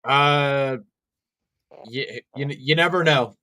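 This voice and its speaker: A man's voice: medium pitch, slow, bright, forceful tone. A young man co-hosting a wrestling watch-along stream, rambling through live commentary with many fillers and restarts.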